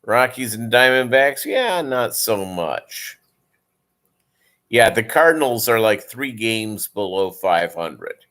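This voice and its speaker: A man's voice: medium pitch, expressive, slow pace, fairly bright tone. A man who breeds fish, chatting casually and rambling on his live stream and calling viewers "gang".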